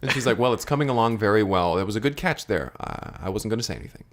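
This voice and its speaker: A young man on a comedy podcast, with a fairly low voice, spinning an improvised story. He stammers and restarts often and slips into goofy voices for the people in his tale. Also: animated, fast talker. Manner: stammering restarts, playful put-on voices in quotes. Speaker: podcast co-host.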